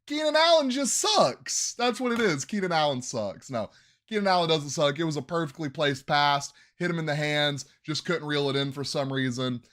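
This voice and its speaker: A man hosting a casual sports podcast, ranting in bursts of loud hype and dropping to muttered asides, coughing when he yells. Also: a little high, moderate pace. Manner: animated, swings between yelling hype and muttering asides. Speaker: podcast host.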